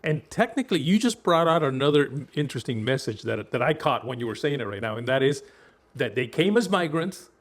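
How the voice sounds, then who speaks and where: Male co-host, reflective and steady, casual chat. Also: mid-range voice, brisk. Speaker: co-host of a faith film review show.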